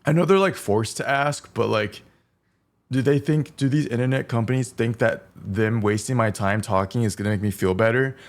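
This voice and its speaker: A man's voice: mid-range voice, moderate pace. A young man streaming as he cooks, chatting casually, swearing bluntly and humming little tunes between stories. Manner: blunt, swears freely, hums and sings between lines. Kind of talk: casual cooking stream chat.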